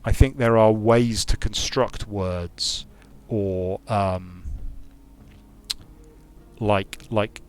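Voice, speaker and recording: Drawing out his words in a fairly low, steady, clean-toned voice, a British game designer comments casually while playing a strategy game on stream. He's from the UK and drifts off on tangents, musing aloud.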